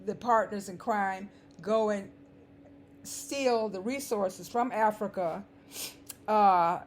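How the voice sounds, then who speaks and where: This woman's voice is dry and scratchy, pitched in the middle, and she speaks at a slow pace. As a vlogger, she gives a sarcastic, emphatic monologue of commentary, hammering points by repeating words.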